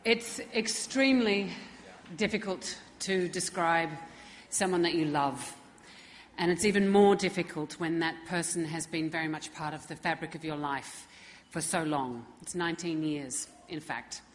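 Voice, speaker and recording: A woman's voice: low-pitched, measured pace. A middle-aged woman presenting an award, giving a tribute speech with wry, self-deprecating asides at a podium microphone. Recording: long hall reverb.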